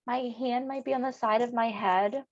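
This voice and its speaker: A woman's voice: a little high, steady tone, moderate pace, highs cut off. A woman teacher giving a lesson on emotions, acting out feelings expressively for her students.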